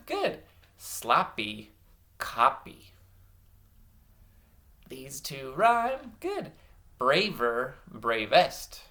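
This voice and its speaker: A man teaching a phonics lesson to young children, saying words slowly and praising each answer. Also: mid-range voice. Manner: slow, drawn-out words with bright praise.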